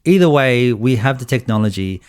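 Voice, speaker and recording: A man's voice: medium pitch, animated, normal speed, darkish tone, clear, resonant tone, no echo, studio quality. A man with an Australian accent co-hosting a casual sports podcast, talking bluntly in rambling runs and swearing now and then. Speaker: podcast co-host.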